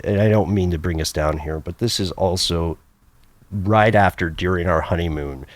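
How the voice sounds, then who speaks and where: A middle-aged man telling a personal travel story on a podcast, lively and self-mocking, jumping high in pitch when he quotes people. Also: moderate pace. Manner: animated, jumps high for quoted voices. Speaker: podcast guest. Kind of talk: casual storytelling.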